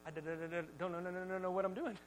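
Flustered stuttering mother, as a preacher puts her on, high and choppy. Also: flat delivery, very fast, natural voice. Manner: stuttering, repeating words. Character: his stuttering mother, flustered middle-aged woman.

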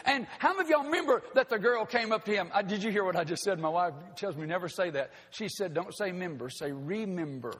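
A pastor preaching a sermon in a church, folksy and joking with the congregation. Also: male voice, high-pitched, animated, quick pace, few pauses, a bit bright. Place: church sanctuary. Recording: long hall reverb.

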